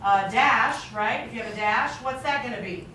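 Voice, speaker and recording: Bright-voiced woman teaching a class. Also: a little high, moderate pace, a little hiss or hum. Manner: energetic, quizzing students with frequent "right?". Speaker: acting teacher. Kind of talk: classroom instruction. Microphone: far camera. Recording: echoey room from far off.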